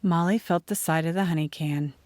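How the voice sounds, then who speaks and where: A woman narrating a first-person storybook audiobook in an expressive reading. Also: on the low side, brisk, no echo.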